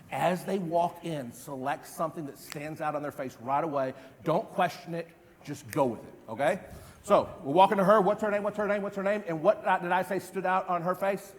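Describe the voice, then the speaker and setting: A man in his fifties giving an energetic live stage demonstration as a memory trainer, quizzing the audience with repeated questions. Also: a little high, normal speed. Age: 50s. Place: large event hall. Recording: long hall reverb.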